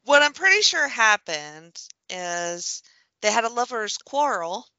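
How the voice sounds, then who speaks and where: Casting: bright, sharp-toned female co-host, playful deadpan jokes, dry close sound. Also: on the high side, measured pace, no room sound, highs cut off. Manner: playful, mock-serious joking. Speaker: podcast co-host. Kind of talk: casual chat.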